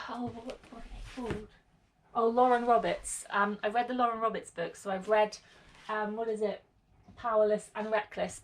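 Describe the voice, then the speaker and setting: Chatty woman with a gravelly edge. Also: medium pitch, fairly bright tone. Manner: chatty, rambling with fillers and restarts. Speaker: vlogger. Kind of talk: casual chat to camera. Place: caravan lean-to shed.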